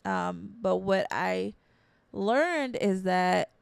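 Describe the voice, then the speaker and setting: A woman's voice: mid-range voice, lively intonation, drawn-out words, creaky, smooth, dry recording. A young woman hosting a podcast, talking in an earnest, conversational way with slangy phrasing, repeating her key points. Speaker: podcast host. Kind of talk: casual motivational talk.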